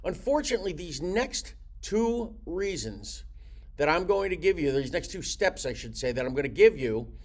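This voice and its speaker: A man's voice: fairly high pitch, very animated, normal speed. A middle-aged man teaching real estate sales, who acts out phone calls in different voices.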